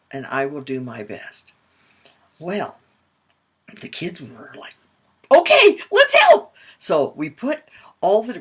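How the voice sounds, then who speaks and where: An older woman coaching mothers, telling a personal story in an expressive way and acting out the voices in it. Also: low voice, husky. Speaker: parenting coach.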